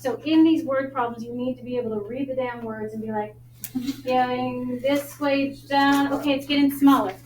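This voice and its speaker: A woman math teacher with a Long Island accent, teaching a class in a brisk, joking way and quizzing her students. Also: high voice, steady tone, darkish tone. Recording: echoey classroom, faint noise.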